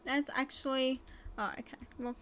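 A woman casually narrating her own life-sim game, gushing and excitable with frequent gasps and squeals. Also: high voice, moderate pace. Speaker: gaming video host. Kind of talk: casual let's-play commentary.

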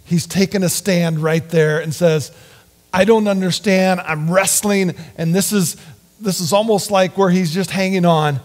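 A man preaching a sermon in an earnest, halting way, often restarting his sentences. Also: high-pitched, fairly even intonation, a little mellow. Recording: long hall reverb.

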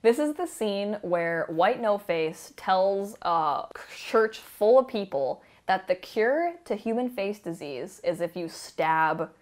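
A woman talks about a favorite book in a casual, rambling way. Her voice rises and falls in a lively, expressive sweep as she gushes like an excited fan. She often breaks into laughter between thoughts. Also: medium pitch, slow pace, hardly any pauses. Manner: animated, gushing fan rambling with frequent laughs. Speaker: book vlogger. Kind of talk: casual book review chat.

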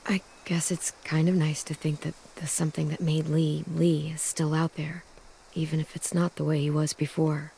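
A woman's voice: low voice, flat delivery, moderate pace, creaky, warm tone, a little hiss or hum, poor audio. An actress voicing a patient, wryly dry young woman looking after a child.

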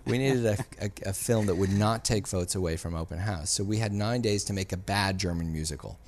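Gravelly man telling a lively story. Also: low voice. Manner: animated, quick to act out quoted people. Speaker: podcast guest, filmmaker. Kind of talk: casual anecdotal storytelling. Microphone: studio mic.

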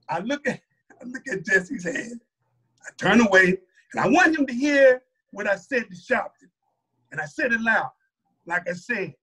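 High bright husky man telling a story. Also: normal speed, long pauses. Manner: animated, colloquial, acts out other people's lines. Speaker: mosque captain. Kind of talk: personal testimony told as a story.

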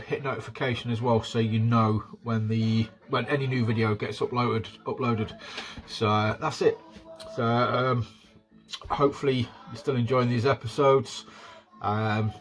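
A man's voice: mid-range voice, normal speed, rough recording. Easygoing man hosting a podcast. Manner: relaxed, filler-heavy, upbeat intros. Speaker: podcast host. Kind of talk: casual wrestling podcast chat.

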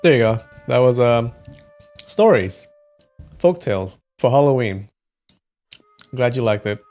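A man's voice: mid-range voice, lively intonation, a little slow, darkish tone, faint music behind. A man chatting casually and laughing as he wraps up a livestream of folktale readings. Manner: chatty, giggly, thinks aloud.

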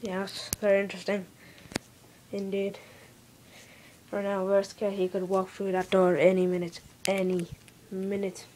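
A woman's voice: mid-range voice, monotone, measured pace, warm tone, a little hiss or hum, rough recording. A young girl giving a playful home video tour, telling silly stories with mock-serious asides, recorded in a bedroom on a camera mic. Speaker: vlogger.

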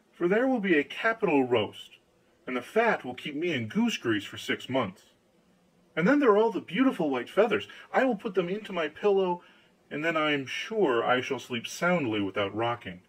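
A man's voice: on the high side, sing-song, normal speed, breathy edge, poor audio. A man voicing a simple, cheerful young man who is easily pleased, in an eager, naive manner.

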